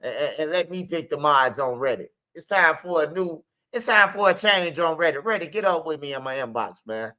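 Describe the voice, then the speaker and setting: A man talking fast and loose as a stream host, acting out fight noises as he tells a story. His voice is bright and forceful, a little high for a man, and the audio sounds dull and lo-fi. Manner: animated, acts out fight sounds and quotes. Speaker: commentary channel host. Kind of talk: casual storytelling commentary.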